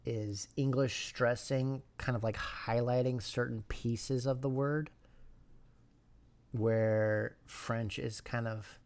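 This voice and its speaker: A man streaming a language study session, thinking aloud and slowly repeating syllables to practice pronunciation, sometimes dropping to a whisper. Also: medium pitch, darkish tone, clear, resonant tone. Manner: slow, repeats sounds and syllables, drops to a whisper at times.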